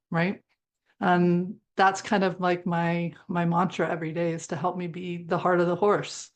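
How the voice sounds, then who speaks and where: A woman speaks as an interview guest, recounting a personal story in an earnest, emotive way. Her voice sits somewhat low. She breaks into short laughs now and then as she tells it. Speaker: guest, horse-assisted therapy practitioner.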